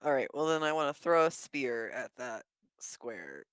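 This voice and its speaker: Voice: mid-range voice, very animated, a little slow, fairly bright tone, slight background noise. A player in a tabletop game, asking rule questions in a hesitant way. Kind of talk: casual play chat.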